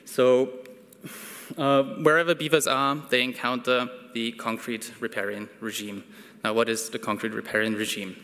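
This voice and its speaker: A man giving a measured symposium talk, pausing often with ums and restarts. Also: mid-range voice, flat delivery, a bit bright. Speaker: conference speaker. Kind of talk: academic presentation. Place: conference hall. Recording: reverberant hall.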